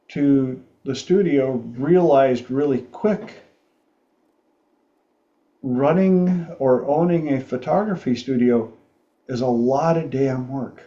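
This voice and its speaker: A man's voice: medium pitch, dark tone, dull audio. A man hosting a podcast, telling a story in a frank, rambling way with frequent restarts. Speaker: podcast host. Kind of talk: storytelling chat.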